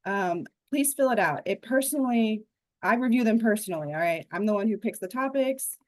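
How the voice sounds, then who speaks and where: A woman's voice: mid-range voice, expressive, brisk, darkish tone. A woman hosting a live online webinar over a video call, wrapping up in an upbeat, chatty way. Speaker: webinar host.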